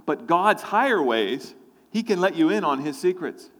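A male preacher delivers a sermon through personal storytelling. His voice sits a touch higher than most men's, and a long reverb trails behind it. He slips into the voices of his own thoughts and prayers as he speaks. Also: sing-song, moderate pace, fairly bright tone.

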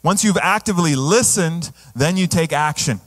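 A man's voice: fairly high pitch, animated, normal speed, fairly bright tone. A male pastor preaching a sermon in a conversational way, often asking the congregation questions.

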